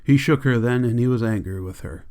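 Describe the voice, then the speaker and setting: A man with a mid-range voice reads an audiobook aloud in a calm, measured way.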